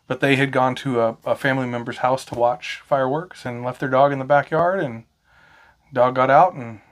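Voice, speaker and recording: A man in his thirties chats casually on a podcast recorded at home. He tells rambling stories and swears freely. His voice sits at an ordinary middle pitch. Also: steady tone, moderate pace. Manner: swearing, storytelling. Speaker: podcast co-host. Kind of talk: casual chat.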